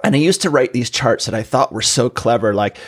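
A man hosting a medical podcast, an emergency physician who chats casually and tells self-deprecating stories from his work with animated energy. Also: medium pitch, fairly quick. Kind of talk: casual chat, anecdotal storytelling.

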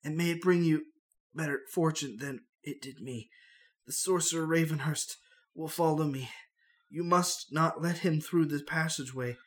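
A man voicing a mortally wounded knight who speaks gravely but slips into casual modern asides. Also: a little high, moderate pace, close to an everyday voice. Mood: solemn. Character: dying wounded male knight, solemn.

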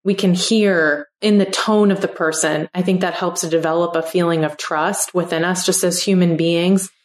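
A woman's voice: lowish voice, fairly even intonation, normal speed. Thoughtful woman host in a roomy space. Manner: reflective, thinks aloud with many fillers. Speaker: podcast host. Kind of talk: casual interview chat.

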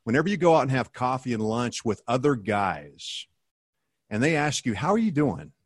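A man's voice: medium pitch, very animated, normal speed, slightly rough, dry recording, clean studio sound. A middle-aged American man telling a personal story in a podcast interview, earnest and emphatic. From United States. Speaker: guest, author and speaker.

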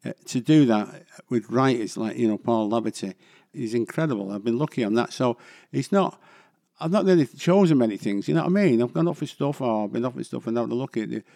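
An older man with a broad Mancunian accent talks at a middling pitch as an interview guest. He rambles along in a chatty, self-deprecating way, with plenty of asides. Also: lively intonation, fairly quick, creaky, hardly any pauses, warm tone. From England. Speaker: guest actor. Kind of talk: casual interview chat.

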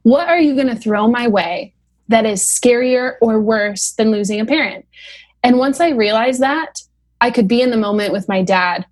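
Earnest woman telling a personal story. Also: fairly high pitch. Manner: earnest, reflective, slow deliberate speech with pauses. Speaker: podcast guest, founder of athlete program. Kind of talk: heartfelt podcast conversation.

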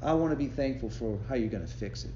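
A man's voice: medium pitch, expressive, fast talker, dark tone, slight background noise. Man preaching in a roomy hall. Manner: conversational, storytelling preaching with laughs. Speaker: devotion speaker. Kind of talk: sermon. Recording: roomy, slightly dull recording with faint ambience.

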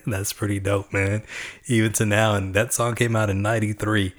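A man from Texas talks through his podcast in an easy, chatty way, clearly excited about the songs he plays. His voice sits low and stays fairly level, without much rise and fall. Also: normal speed. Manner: relaxed, chatty, enthusiastic about the music. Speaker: podcast host. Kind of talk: casual podcast commentary on songs.

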